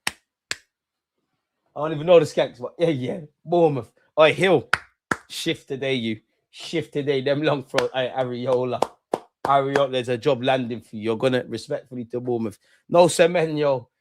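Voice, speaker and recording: A man streaming a live football watchalong, talking in excitable, gloating banter full of slang. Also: mid-range voice, normal speed, background noise.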